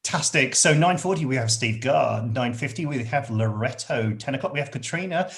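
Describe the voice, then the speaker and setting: A man co-hosting a casual livestream, reading out a schedule in a jokey, lively way. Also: mid-range voice, brisk. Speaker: co-host.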